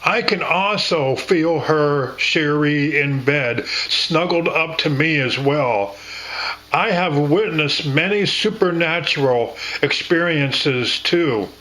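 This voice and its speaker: A man speaking as a grieving father, slow, earnest and sincere. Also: on the high side, pushed and bright, poor audio. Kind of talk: intimate spoken conversation.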